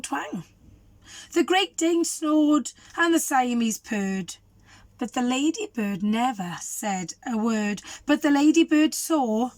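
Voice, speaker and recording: Woman, slightly hoarse, unhurried storybook reading, dry close sound. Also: fairly high pitch, no echo. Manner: warm, asks the children questions. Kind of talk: children's storybook read-aloud.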